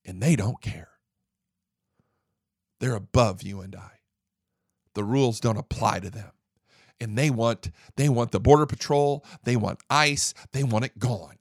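A man's voice: mid-range voice, unhurried, pauses often, no echo, studio quality. A man hosting a political commentary show, ranting emphatically and repeating his points for effect. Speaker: host.

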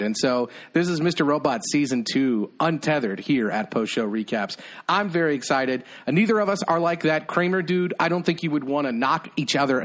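A young man co-hosting a TV recap podcast, playful and rambling in casual chat. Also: medium pitch. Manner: playful, rambling, self-correcting. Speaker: podcast co-host.

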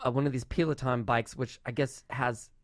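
Casting note: jokey male podcast host, mid-pitched, dry close mic. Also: steady tone, no room sound. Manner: playful, jokey, quick restarts. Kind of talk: casual chat.

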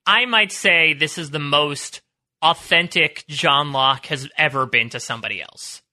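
Casting note: man with a bright, slightly high voice for a reflective podcast co-host who thinks aloud. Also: unhurried. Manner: thoughtful, hedging, many restarts. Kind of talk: casual TV recap analysis.

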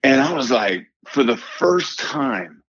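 A middle-aged man speaks as an interview guest in an earnest, emphatic way, circling back over his phrases and dropping in "man". His voice sits at an ordinary pitch. The audio is dull and lo-fi, dry with no room echo. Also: big pitch swings, slow, a bit bright, slightly rough. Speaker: guest, performance coach and former pitcher. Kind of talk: personal storytelling in a podcast interview.

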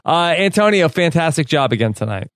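Podcast host guy, smooth clear voice, kinda high, brisk, dry mic. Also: very animated, a bit bright, dry recording. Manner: brisk, wraps up with plugs. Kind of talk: casual TV recap podcast talk.

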